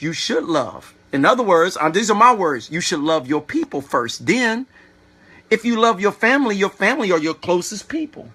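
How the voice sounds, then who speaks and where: A man giving a motivational talk to his online viewers, preachy and animated, who keeps asking "all right?" and telling them to think about it. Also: high voice. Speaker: online video host.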